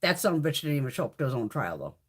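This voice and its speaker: Foul-mouthed ranting woman, very lively pitch. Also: rapid-fire, breathy edge. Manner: profane, ranting, blunt; laughs often while talking. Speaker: beauty livestream host. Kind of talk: casual live-stream chat with viewers.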